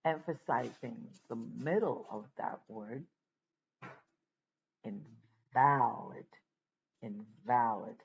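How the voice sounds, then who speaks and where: A teacher giving a slow, deliberate spoken lesson, pausing often between phrases. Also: medium pitch, creaky, slightly rough, lo-fi sound.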